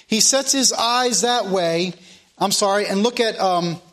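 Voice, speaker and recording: A man's voice: high voice, measured pace, fairly bright tone. A pastor giving a sermon to his congregation, reading scripture aloud and driving his points home with repetition.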